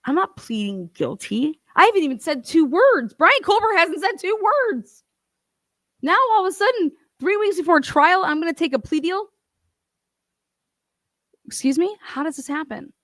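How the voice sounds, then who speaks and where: A woman's voice: extremely high pitch, expressive, normal speed, fairly bright tone, no room sound, clean studio sound. A woman hosting a commentary channel, ranting in a profane, combative way and acting out other people's voices. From Ohio.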